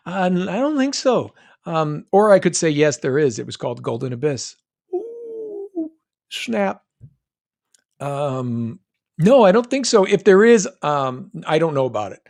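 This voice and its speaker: Middle-aged guy from new england, rambly live-stream chat, kinda high voice. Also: sing-song, normal speed, creaky, darkish tone. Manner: rambling, self-interrupting, reads fan comments aloud. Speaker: voice actor answering fan questions on a live stream.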